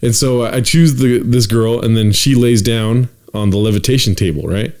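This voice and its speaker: Casual, animated man telling a story. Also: mid-range voice, normal speed. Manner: animated storyteller, acts out quotes, swears casually. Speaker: podcast co-host.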